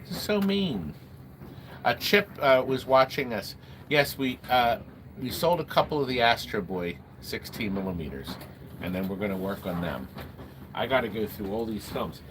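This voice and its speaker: A man's voice: on the low side, animated, moderate pace. Chatty middle-aged man hosting a livestream. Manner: rambling, chatty, talks to viewers by name. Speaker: livestream host selling arcade games. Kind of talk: casual livestream chat. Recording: noisy room ambience.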